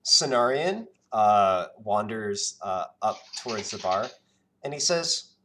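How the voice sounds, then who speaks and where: Slow, low-voiced man running a tabletop game. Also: animated, pushed and bright. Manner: halting narration with many ums and uhs. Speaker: game master.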